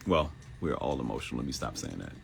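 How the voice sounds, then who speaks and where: Speaking fast in a gravelly voice with big pitch swings, this fifty-something live morning show host gives a motivational talk, repeating phrases and putting on high mock voices for quotes. Faint music plays behind him.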